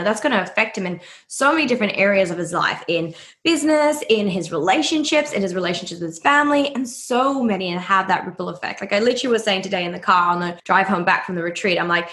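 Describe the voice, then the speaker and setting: A woman's voice: mid-range voice, a bit bright. A young woman hosting a podcast, chatting in a bubbly, storytelling way. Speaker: podcast host. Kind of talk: casual podcast chat. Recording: echoey room.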